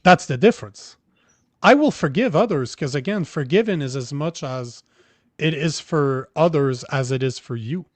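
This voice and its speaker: A man's voice: fairly high pitch, expressive, moderate pace, no echo. A man from Canada hosting a talk show, speaking bluntly and arguing his point with a hypothetical example. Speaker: podcast host. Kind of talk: casual chat.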